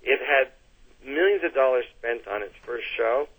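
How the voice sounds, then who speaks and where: Here a middle-aged man with a Canadian accent tells stories in a casual interview, his mid-range voice animated and slightly rough, a touch bright, at a moderate pace. He restarts often, leans on fillers and laughs readily, all captured on a rough recording.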